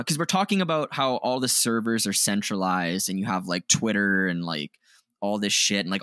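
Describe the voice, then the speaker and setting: Man, podcast co-host, excitable, swears a lot, bright tone, dry close sound. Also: on the low side, no room sound. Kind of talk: casual chat.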